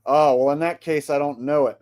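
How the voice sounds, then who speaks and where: A man's voice: on the high side, fairly even intonation, brisk, darkish tone. A man hosting a casual livestream, rambling through his commentary with frequent hesitations. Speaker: channel host.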